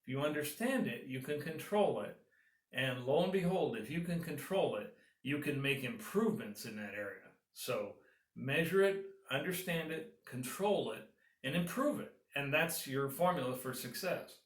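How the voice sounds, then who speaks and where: A man's voice: mid-range voice, expressive, moderate pace, reverberant, far from the mic. A man, a business consultant, giving earnest, encouraging advice and walking through steps one by one. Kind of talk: advice talk to camera.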